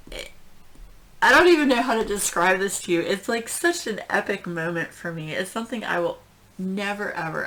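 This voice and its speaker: A middle-aged woman telling a story at home in casual chat, rambling and animated, with many fillers. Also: mid-range voice. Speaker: crafting channel host.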